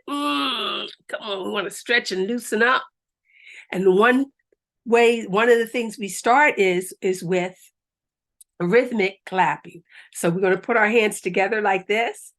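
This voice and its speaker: A woman's voice: medium pitch, lively intonation, measured pace. A middle-aged woman leading a laughter yoga class, coaxing and upbeat, breaking into hearty laughter. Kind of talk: guided exercise class.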